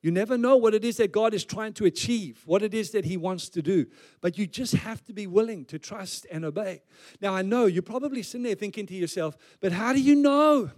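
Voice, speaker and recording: A man's voice: sits high, brisk, a little mellow. A man, preaching as a pastor in a conversational way with joking asides. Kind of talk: sermon.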